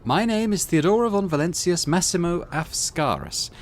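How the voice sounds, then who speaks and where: Cold, commanding noblewoman captain, high and dry, read aloud by a male narrator. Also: very animated, normal speed, a little hiss or hum. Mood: imperious. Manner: haughty, imperious.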